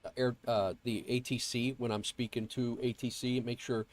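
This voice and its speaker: Speaking at normal speed in a mid-range voice with little pitch movement, a flight sim streamer chats casually and says hello to viewers. A cold leaves him nasal and congested, and he rambles with fillers and restarts into an earbuds mic.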